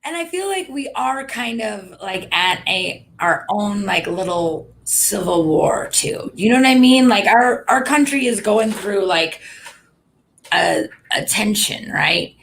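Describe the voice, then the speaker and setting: A woman's voice: medium pitch, animated, takes it slowly, fairly bright tone, a little hiss or hum, low-quality recording. A woman from Michigan hosting a casual interview, encouraging her guest with frequent short affirmations. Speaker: show host.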